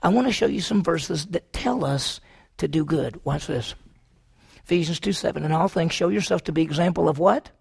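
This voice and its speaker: Gravelly high-voiced preacher man. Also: moderate pace, a little mellow. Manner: emphatic preaching with rhetorical questions. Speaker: pastor. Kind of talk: sermon.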